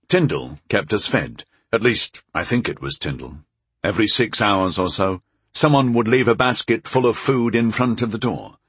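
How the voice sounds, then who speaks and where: Husky-voiced man narrating a fantasy audiobook. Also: on the low side, a bit bright, no echo. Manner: measured, wry storytelling.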